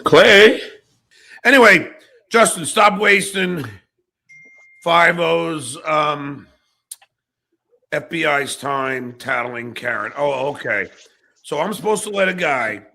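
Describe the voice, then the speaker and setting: Direction gravelly, sharp-edged man ranting. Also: a little high. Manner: blunt, swearing, breaks into shouts. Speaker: show host. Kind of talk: angry profane rant on a live call-in stream.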